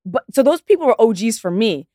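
Fast-talking, animated Canadian-raised woman. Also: on the high side, no room sound, clean studio sound. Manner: animated storytelling, mimics other people. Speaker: guest. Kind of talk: casual podcast chat.

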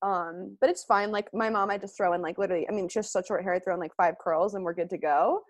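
A woman's voice: mid-range voice, fairly even intonation, fast talker, no echo. A young woman in her twenties hosting a casual podcast chat with friends, giggly and chatty with lots of filler words. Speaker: podcast host.

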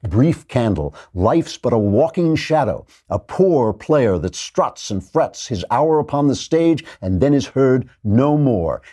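A man playing a grieving, despairing king in a slow, grave theatrical recitation. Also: medium pitch, warm tone, husky, exaggerated voice.

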